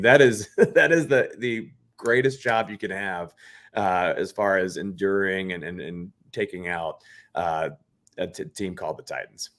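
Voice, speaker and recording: Low-voiced man giving opinions. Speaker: podcast co-host. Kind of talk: casual chat recapping a reality show.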